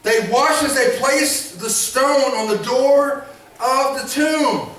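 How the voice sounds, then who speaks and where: A man preaching a sermon as pastor, animated, acting out voices and calling on the congregation to respond. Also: very high voice, slow pace, recorded from a distance. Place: church sanctuary. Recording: echoey church hall, miked from afar.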